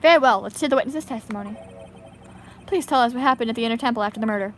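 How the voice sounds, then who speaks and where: A woman's voice: a little high, rapid-fire, slight background noise, lightly acted. A woman voicing a fussy, flustered elderly male judge from a game, formal and hesitant in her reading. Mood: stately. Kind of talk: reading game dialogue aloud.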